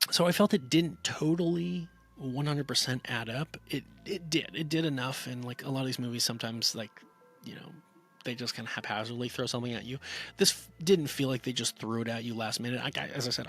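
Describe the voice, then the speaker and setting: A man's voice: mid-range voice, a bit bright, breathy edge. A man giving a casual, rambling spoken movie review, full of fillers and restarts. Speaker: film reviewer.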